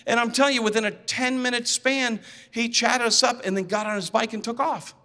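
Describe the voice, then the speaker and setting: A man telling a personal story to an audience, animated, acting out dialogue and repeating words as he goes, in a large reverberant hall. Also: extremely high pitch, a little fast. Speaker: speaker.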